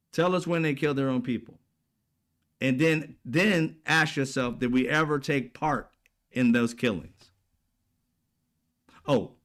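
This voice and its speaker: A man delivering an indignant, heavily profane political commentary rant, peppered with rhetorical questions to his audience. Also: medium pitch. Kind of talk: ranting commentary.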